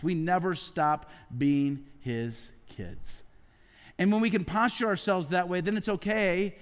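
Middle-aged pastor guy preaching, highish voice, dips real soft n low sometimes, long church echo. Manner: preaching with sudden drops to a low hushed voice. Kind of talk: sermon. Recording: long hall reverb.

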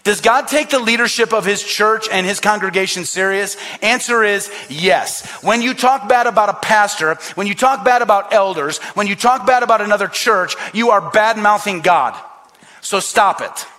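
A man's voice: high-pitched, bright, forceful tone. A man preaching a sermon as pastor, emphatic and repetitive, acting out quoted voices.

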